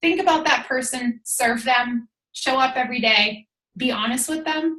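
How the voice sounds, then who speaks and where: Energetic high-voiced woman on a video call. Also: normal speed, reverberant, rough recording. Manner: energetic, emphatic, breathless. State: out of breath. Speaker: guest speaker, fitness coach. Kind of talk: motivational talk on a video call.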